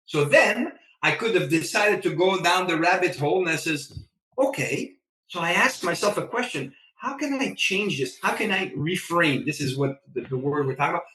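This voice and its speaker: A man chats as a podcast guest, telling stories with lively, swooping pitch and acting out his own lines. His voice is bright and fairly high. He sits away from the mic in an echoey room. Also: far from the mic. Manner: animated storyteller, acts out his own lines. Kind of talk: casual chat.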